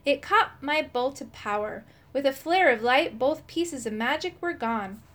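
A woman reading a children's book aloud in an expressive storytelling manner, changing her voice for the quoted lines. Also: sits high, a little slow. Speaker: audiobook reader.

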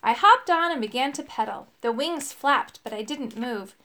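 A woman's voice: high-pitched, lively intonation, normal speed, fairly bright tone. A woman reading a children's story aloud, giving each character a voice.

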